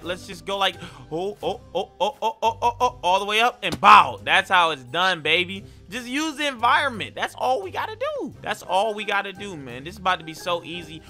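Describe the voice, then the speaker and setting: A young man narrates his own gameplay in a high, very bright voice that leaps up and down with every reaction. He talks in loose slang and reacts loudly to each surprise. Faint music plays behind him. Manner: excitable, slangy, reacting out loud. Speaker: gameplay streamer. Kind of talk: Minecraft let's-play commentary.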